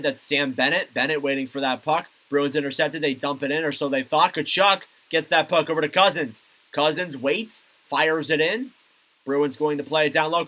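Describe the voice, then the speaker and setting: High, bright young amateur hockey caller. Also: male voice. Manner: rapid play-by-play that erupts into shouting on goals. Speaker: live hockey commentator. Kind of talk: live amateur play-by-play commentary.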